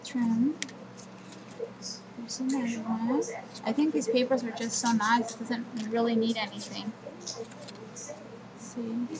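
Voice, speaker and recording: A woman's voice: fairly high pitch, steady tone, very noisy. A woman walking viewers through her scrapbook pages in a homely show-and-tell video. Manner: slow, homely walkthrough of pages. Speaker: crafting vlogger.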